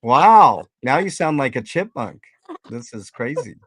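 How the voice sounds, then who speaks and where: Guy hosting a live stream, laid back, kinda halting, mid voice, dry sound. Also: medium pitch, husky, dry recording. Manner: relaxed, halting, says "like" and "um" often. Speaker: host. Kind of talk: casual chat on a live stream.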